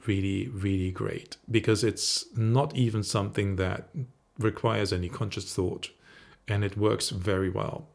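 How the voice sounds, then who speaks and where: A middle-aged man, a confidence coach, teaching straight to camera in a calm, measured way. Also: lowish voice, vocal fry. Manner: calm, measured, demonstrates intonation.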